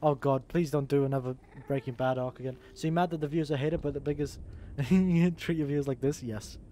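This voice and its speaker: A man's voice: medium pitch, brisk, dark tone, slight background noise. A young adult man streaming live, bantering crudely with his chat, laughing and teasing, with a sore throat.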